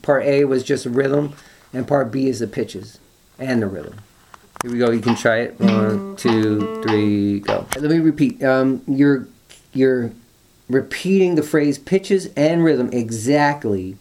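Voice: medium pitch, a little mellow. A music teacher explaining call and response during a guitar lesson, thinking aloud with restarts and fillers, with guitar playing in between.

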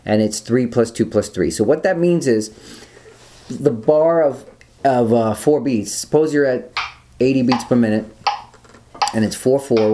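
A man teaching guitar rhythms, explaining step by step in a relaxed way and counting beats aloud. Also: medium pitch, unhurried, background noise. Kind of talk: instructional talk with counting.

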